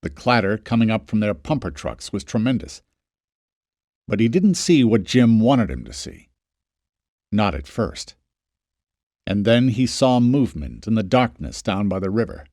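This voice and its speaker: Male audiobook narrator, lively pitch, dry close studio sound. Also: unhurried, pauses often, no room sound. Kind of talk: scripted narration.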